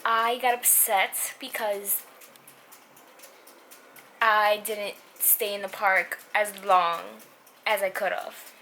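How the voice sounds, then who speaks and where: A young woman vlogging about her anxiety, halting and emotional, with many fillers and pauses. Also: medium pitch, flat delivery. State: anxious and upset. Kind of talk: personal vlog confession. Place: outdoors on a city street. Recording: loud street and traffic noise.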